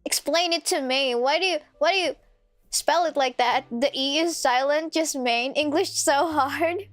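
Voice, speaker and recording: A woman with a high, bright voice chats playfully with her viewers while playing a game. She giggles and trips over her words as she talks. Faint music plays behind her. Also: measured pace, dry recording. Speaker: streamer. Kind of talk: casual game-stream chat.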